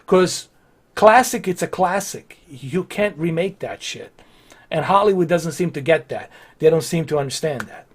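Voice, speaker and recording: A man's voice: a little high, lively intonation, normal speed, slightly rough. A man chatting casually on a live game stream, rambling with lots of fillers and restarts.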